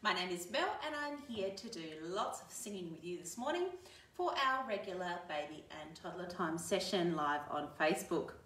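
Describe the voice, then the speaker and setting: Woman, children's session presenter, high and bright, cheerful sing-song delivery; echoey room, mic at a distance. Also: expressive, moderate pace. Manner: cheery, sing-song, talking to little ones and parents. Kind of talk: livestreamed baby and toddler singing session.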